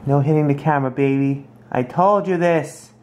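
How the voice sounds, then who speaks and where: A woman's voice: low voice, normal speed, a little mellow. A young woman casually vlogging to her viewers, chatting directly to them and slipping into playful baby talk with her toddler. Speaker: family vlogger. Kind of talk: casual vlog chat to camera.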